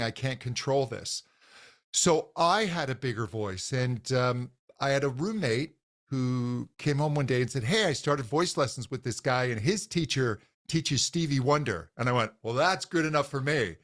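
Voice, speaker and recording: A man in a relaxed interview, telling his story with eager enthusiasm. He restarts his sentences often and fills pauses with "um". His voice sits in a middle pitch and comes over a video call. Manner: enthusiastic, frequent fillers and restarts. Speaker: vocal coach guest. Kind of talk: conversational interview.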